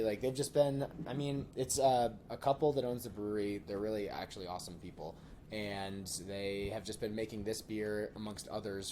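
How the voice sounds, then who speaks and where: A man hosting a casual podcast chat, animated and laughing often as he explains beer terms. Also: on the low side, noisy background. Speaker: podcast host.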